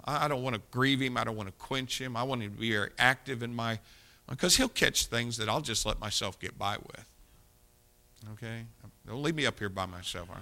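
Gravelly, bright-voiced male preacher. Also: medium pitch. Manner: folksy preaching with scripture reading. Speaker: pastor. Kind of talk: sermon.

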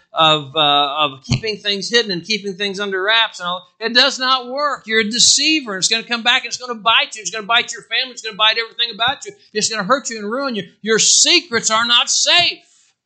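A male pastor preaching a sermon, swinging from loud declarations to hushed asides and acting out quotes. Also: high voice.

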